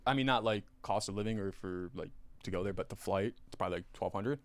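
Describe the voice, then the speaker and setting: Low-voiced rambling young man, dry sound. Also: quick pace, dry recording. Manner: rambling, self-deprecating, mumbly. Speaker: podcast co-host. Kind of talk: casual chat.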